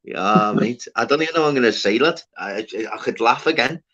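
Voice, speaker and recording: A man's voice: medium pitch, animated, fairly quick, sharp tone, lo-fi sound. A man hosting a livestream, chatting casually, swearing and laughing, calling everyone "lad" and "mate". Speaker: livestream host. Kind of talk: casual chat.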